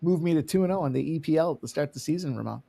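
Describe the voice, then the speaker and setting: A man hosting a live sports betting show, talking fast and animated about football, soccer and fights. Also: fairly high pitch, gravelly, slightly rough. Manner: animated, quick sports talk. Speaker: host. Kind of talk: casual sports betting chat.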